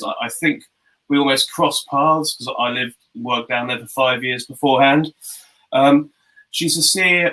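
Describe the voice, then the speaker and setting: A man hosting an online session, introducing a guest speaker in a relaxed, halting way with many ums and restarts. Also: fairly high pitch, low-quality recording. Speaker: webinar host. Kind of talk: casual spoken introduction.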